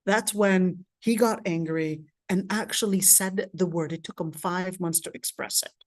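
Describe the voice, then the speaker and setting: A woman's voice: mid-range voice, fairly even intonation, normal speed, dry recording, studio quality. A woman from Palestine, in her thirties, giving a casual lecture with personal anecdotes, chatty with frequent restarts and asides.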